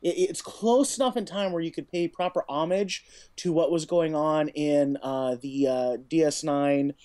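Man from the States, loose podcast co-host, slightly high voice, drifts off topic with laughs. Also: unhurried, dark tone. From United States. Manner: rambling, chuckling, jokey asides. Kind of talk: casual podcast chat.

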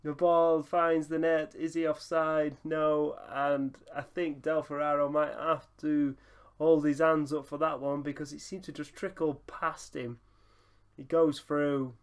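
A young man giving excitable running commentary over a football management game, breaking into laughter and shouts. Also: on the high side, unhurried, smooth. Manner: excitable, bursts into shouting and laughter at big moments. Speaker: gaming YouTuber.

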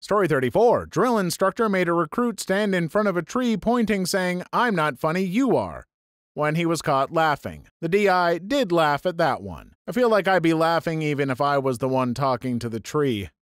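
A man reading online stories aloud for his channel, with lively, sarcastic asides. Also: a little high, normal speed, few pauses, dry recording, clean studio sound. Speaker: story channel narrator.

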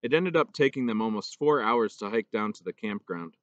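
A man reading a children's novel aloud in steady, measured storybook narration. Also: lowish voice, dry recording, lo-fi sound. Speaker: audiobook reader.

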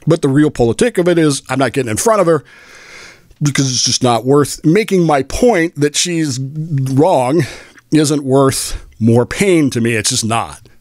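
An older podcast host from Washington State, US, tells a long, rambling story on his own show, amused and laughing often. His mid-range voice has lively intonation, a measured pace, and a darkish tone, captured dry in a clean studio.

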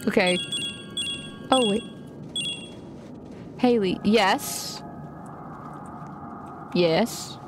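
A young woman streaming a game live, excitable and chatty with her viewers, often gasping and giggling. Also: mid-range voice, drawn-out words, long pauses, background noise. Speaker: gaming streamer. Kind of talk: live gameplay commentary.

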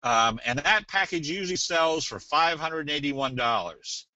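A man presenting a trading webinar in a casual, folksy way, slipping in jokes and a sales pitch. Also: expressive, unhurried, sharp tone, no echo. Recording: dull, dry webinar audio.

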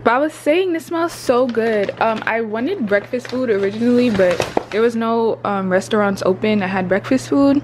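Young woman, vlogger, slightly high voice, chatty and upbeat, handheld camera, noisy background. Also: expressive, normal speed, few pauses. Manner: chatty, upbeat, laughs often. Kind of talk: casual vlog chat to camera. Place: hotel room on vacation. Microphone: handheld phone or camera.

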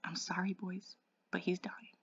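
A woman voicing a calm, unflappable male doctor, speaking quietly and steadily. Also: on the low side, a little slow, breathy edge, exaggerated voice. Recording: dull lo-fi dry audio.

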